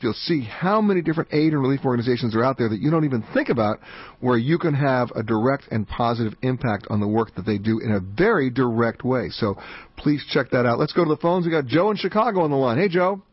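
A man hosting a radio travel call-in show, chatty and emphatic with quick asides. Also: medium pitch, slightly rough, no echo. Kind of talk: fast radio call-in talk. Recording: dull band-limited radio audio.

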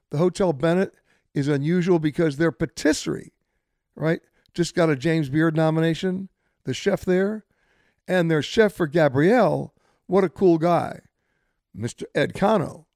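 A man's voice: fairly high pitch, darkish tone, dry recording, studio quality. A man hosting a radio travel show, giving chatty, emphatic travel advice straight to listeners. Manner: chatty, emphatic, gives direct travel tips. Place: hotel where the show is broadcast.

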